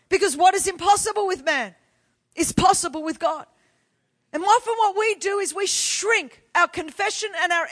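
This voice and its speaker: A woman preacher telling a story in a sermon, animated and expressive, who builds to forceful, emphatic declarations. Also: very high-pitched.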